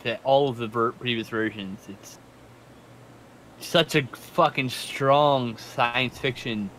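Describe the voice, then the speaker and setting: A young man hosting a casual livestream watch-along, relaxed and opinionated, swearing freely as he chats. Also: medium pitch, slow, slight background noise. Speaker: host of a group viewing stream.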